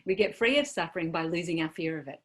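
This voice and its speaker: A woman giving a dharma talk as a meditation teacher, gentle and searching, trailing off softly with many fillers. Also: lowish voice, quick pace.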